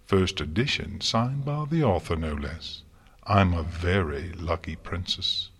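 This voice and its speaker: A man voicing a gracious, fond royal princess with a gently teasing manner in a storybook reading. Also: sits low, expressive, a little slow, slightly rough, exaggerated voice.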